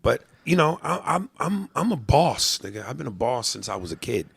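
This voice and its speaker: A male comedian hosts a podcast in a casual, profane way, with a gravelly edge under his voice. His pitch swings widely as he breaks into bits and impressions, and the sound is dry and close to the mic. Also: normal speed, no room sound. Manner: profane, animated, jumps into impressions.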